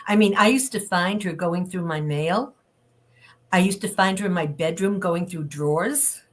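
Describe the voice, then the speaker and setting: An older woman speaks as an interview guest, her voice sitting a little low. She tells her story candidly and with life, acting out what others said to her. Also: normal speed. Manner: candid, lively storytelling with acted-out quotes.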